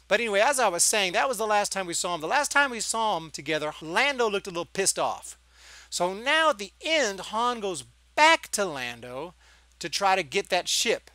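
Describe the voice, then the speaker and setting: A man's voice: high-pitched, sing-song, fairly quick, bright, forceful tone, dry recording. A man giving a casual, sarcastic movie review, exasperated and acting out lines of dialogue. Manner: sarcastic, exasperated, acts out quotes.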